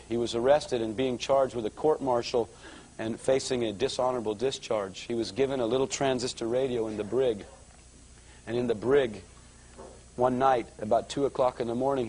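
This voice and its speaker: A man giving a conversational sermon testimony at a live church service, his storytelling growing excited and louder. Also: mid-range voice, slight background noise, rough recording. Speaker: guest speaker giving a testimony.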